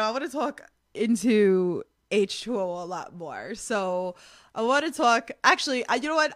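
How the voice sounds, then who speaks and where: A woman's voice: medium pitch, fairly bright tone. Female host, casual interview, chatty and giggly. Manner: chatty, laughs often.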